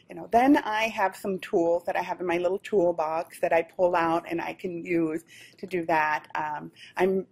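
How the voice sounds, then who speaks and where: A woman speaking as a panelist, thoughtful and measured, pausing often with fillers. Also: lowish voice. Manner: thoughtful, with frequent pauses and fillers. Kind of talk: panel discussion remarks. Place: training event room.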